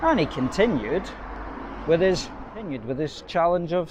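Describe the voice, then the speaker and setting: A middle-aged head teacher vlogs while cycling along an urban road, chatting wryly to an action camera mounted on his bike and telling anecdotal stories. His voice is on the high side, with big pitch swings and a moderate pace. Faint street and traffic noise can be heard.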